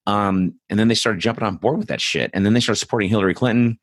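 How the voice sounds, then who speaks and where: A man's voice: lowish voice, fast talker, no echo, clean studio sound. A man hosting a political commentary show, talking in a blunt, profane, rambling monologue full of asides. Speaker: host.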